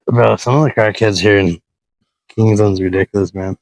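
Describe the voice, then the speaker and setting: A man's voice: on the low side, steady tone, normal speed, a little mellow. A man co-hosting a podcast, chatting bluntly and laid-back, with plenty of swearing. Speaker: podcast co-host. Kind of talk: casual chat.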